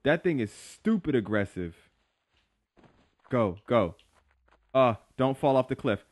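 A young man giving excitable, slangy commentary while he plays a game, yelping and talking to his creature. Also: mid-range voice, takes it slowly, no echo. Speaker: gaming YouTuber. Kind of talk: live gameplay commentary. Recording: faint game music behind.

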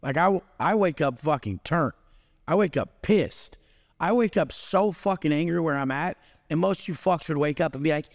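A man's voice: on the high side, expressive, moderate pace, no echo, studio quality, in a large hall. A man delivering a profane, aggressive motivational rant as an interview guest. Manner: aggressive, swearing heavily. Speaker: guest speaker.

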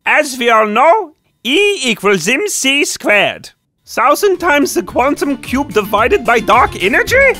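A flustered scientist lecturing in a bright, high voice that leaps all over the place, as a comedy narrator puts him on. Faint music plays behind him. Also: very animated, slow pace, full character voice.

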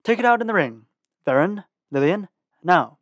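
A man reading a gruff male weapons master in an audiobook, barking commands loudly. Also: high-pitched, animated, measured pace, no room sound, clean studio sound, pitched above the performer's own voice, heavily acted. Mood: commanding.

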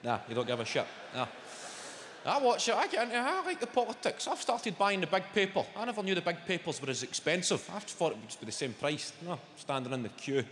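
A man in his thirties with a Glaswegian Scottish accent doing a stand-up comedy set, loud and sweary, teasing the crowd. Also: high-pitched, big pitch swings, quick pace, slight background noise. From Scotland. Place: large theatre stage. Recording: echoey hall with loud audience.

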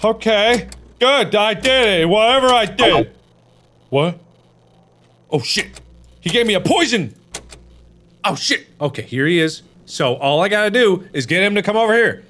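A young man hosting a horror game video, yelling and cursing at the game, then muttering to himself. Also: high voice, expressive, a little slow, pauses often. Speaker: gaming video host.

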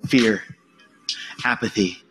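A man giving an earnest, emphatic personal testimony talk, with dramatic pauses. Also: fairly low pitch, over music. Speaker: speaker sharing his story.

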